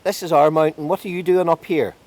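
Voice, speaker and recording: A man's voice: medium pitch, big pitch swings, normal speed, darkish tone, voice pushed up. A man voicing an impatient, bossy male fairy king of the mountain.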